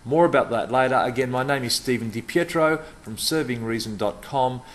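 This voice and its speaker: A man's voice: mid-range voice, brisk. A middle-aged man giving a punchy, emphatic talk to camera about customer service, repeating words for stress.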